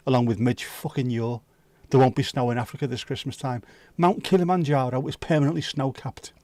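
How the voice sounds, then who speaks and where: A man on a casual home livestream answers viewers with sweary jokes and quick asides. His voice is an ordinary middle pitch with a darkish tone, recorded close and dry without room echo.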